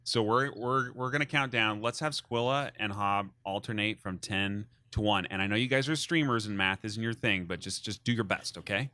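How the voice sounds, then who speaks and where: A man's voice: lowish voice, normal speed, hardly any pauses, sharp tone, no echo, studio quality. A man hosting a stream, explaining race rules in a loose, rambling way full of fillers. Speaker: host of a speedrun race stream. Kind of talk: casual chat, explaining rules.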